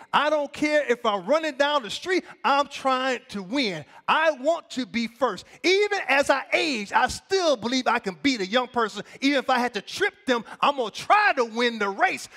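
A man's voice: very high-pitched, fairly bright tone. A middle-aged man preaching a sermon as pastor, calling for the congregation to repeat after him, his cadence rising and dropping.

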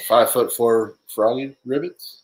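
A man's voice: mid-range voice, a little slow, poor audio. Brief: man, livestream co-host, dry joking banter, casual chat. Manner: joking, deadpan teasing. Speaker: co-host, partner.

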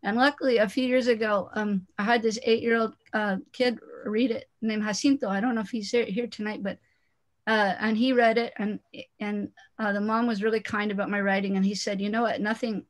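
A woman author from the Los Angeles area talks casually about her book over a video call. She rambles warmly with frequent laughs and "you know" fillers, in a mid-range voice. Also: mid-range voice, fairly even intonation, a little fast. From Los Angeles area, USA. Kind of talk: casual talk and reading at a book launch.

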